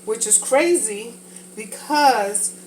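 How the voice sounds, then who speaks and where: A woman with a fairly high-pitched voice speaks slowly while cooking for her vlog, chatting candidly and drifting between ideas. A sinus infection makes her sound a little congested. Noise fills the background.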